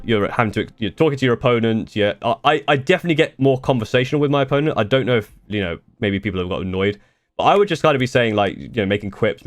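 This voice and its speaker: In a dry recording, a young man from the United Kingdom with a lowish voice chats on a live stream. He rambles through viewer questions, restarting often and swearing now and then.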